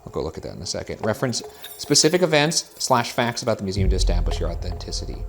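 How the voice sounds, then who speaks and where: A man hosting a ghost hunt in an old house, calling out loudly one moment and muttering quietly the next. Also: lowish voice, big pitch swings, quick pace, faint music behind. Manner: jumpy, swings between hushed muttering and loud calling out. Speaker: ghost hunting show host. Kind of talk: solo ghost hunt narration.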